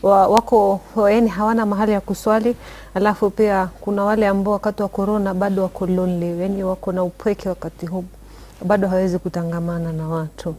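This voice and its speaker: A woman co-hosts a live broadcast, talking at a fast clip. She puts questions to her guest, brisk and affirming. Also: mid-range voice, level tone, dark tone. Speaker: TV co-host.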